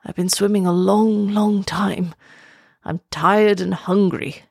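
A woman's voice: mid-range voice, fairly even intonation, vocal fry, dry recording, clean studio sound. Woman reading as a weary wise old turtle. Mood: weary, explaining. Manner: measured, gently explaining. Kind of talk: storybook reading.

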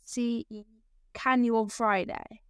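A woman's voice: on the high side, fairly even intonation, takes it slowly, clean tone, no room sound. A young woman, co-hosting a casual podcast and telling a story with lots of giggles. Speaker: podcast co-host.

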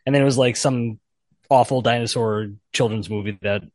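A man's voice: mid-range voice, fairly even intonation, normal speed, a little mellow, dry recording. Joking male podcast guest. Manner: joking, many fillers. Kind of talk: casual podcast chat.

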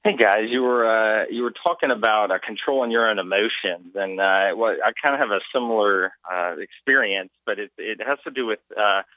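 A man's voice: on the low side, brisk, hardly any pauses, dry recording. Male caller on a radio show, lots of uh and you know, dull muffled line, dry. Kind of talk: phone-in chat. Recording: muffled phone-in audio.

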